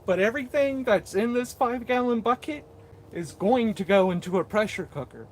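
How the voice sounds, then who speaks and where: A mushroom grower streams live from his indoor growing space, working as he reads viewer comments and makes jokes at his own expense, a little out of breath. His voice is high with lively intonation at a moderate pace. The camera is set up nearby as he drifts in and out of frame, and there's a slight hiss or hum.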